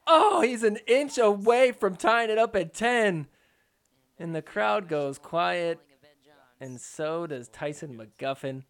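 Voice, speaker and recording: A man hosting a podcast, recapping match highlights in a joking, excitable commentary style. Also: slow. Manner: excitable, joking, mimics players in quotes.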